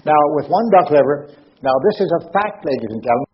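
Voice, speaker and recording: A man's voice: fairly high pitch, lively intonation, measured pace, long pauses, husky, highs cut off. A man giving a public lecture to an audience, wry and joking as he talks to the crowd.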